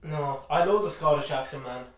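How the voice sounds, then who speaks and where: A young man co-hosting a podcast, relaxed and quick to laugh, giving short casual replies. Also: a little high, far from the mic. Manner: laid-back, laughs often, short replies. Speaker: podcast co-host. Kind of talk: casual chat. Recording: echoey room, set back from the mic.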